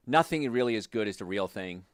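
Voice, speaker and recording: The health talk show host, a doctor, speaks in a brisk, smooth voice captured cleanly in the studio with no echo. He relates his patients' stories in a casual, animated way, using a lowered voice for their words.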